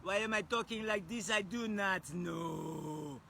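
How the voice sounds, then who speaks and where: Oddly formal stilted man, put on by an Australian streamer, raised pitch, bright, deliberate. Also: gravelly, a little hiss or hum, heavily acted. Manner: slow, stilted, over-precise delivery. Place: outdoors by a road, windy.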